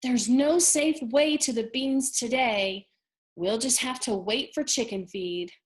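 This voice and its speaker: A worried mother hen from a children's storybook, read aloud by a woman, anxious and sighing. The voice lifts a little higher and louder than plain talk, and it moves slowly.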